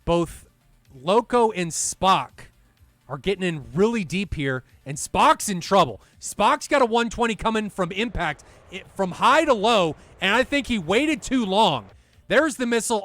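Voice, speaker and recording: A male commentator calls an air combat match play by play, talking straight to the viewers and getting loud when the action peaks. His voice sits high for a man, and the sound is dry and close. Faint music plays behind him. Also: normal speed, no room sound. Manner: excitable, talks to the viewers directly. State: out of breath at times. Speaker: esports commentator.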